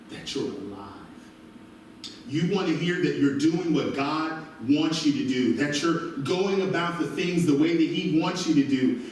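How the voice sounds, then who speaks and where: A male pastor preaching an animated sermon, recorded from a distance in a church. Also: fairly high pitch, slight background noise. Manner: animated preaching with call-and-response asides. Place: church sanctuary. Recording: very echoey church from far off.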